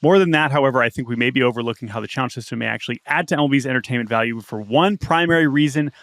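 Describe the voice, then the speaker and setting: Podcast co-host, male, gravelly voice, halting and chatty, reading listener mail; dry close mic. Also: mid-range voice, fairly bright tone, no room sound. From United States. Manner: halting, repeats words, reads listener email aloud. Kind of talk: casual podcast chat. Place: small-town home studio.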